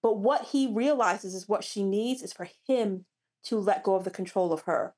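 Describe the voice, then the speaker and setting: Chatty woman author, animated, restarts often, average pitch. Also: moderate pace. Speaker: romance author guest. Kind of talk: casual interview chat.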